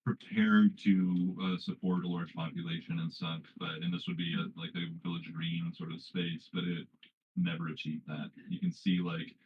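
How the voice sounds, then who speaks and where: Man, game master, low voice, hesitant and rambling, dull lo-fi sound. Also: little pitch movement, normal speed. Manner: rambling, hesitant, many fillers. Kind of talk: narrating a tabletop game. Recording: dull lo-fi audio.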